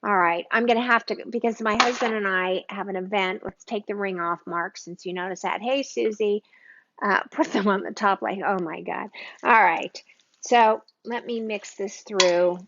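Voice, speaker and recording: A woman's voice: medium pitch, moderate pace, dull audio, noisy background. A woman hosting a live cooking stream from her home kitchen, chatting with viewers by name in an exclamatory way. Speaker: cooking show host.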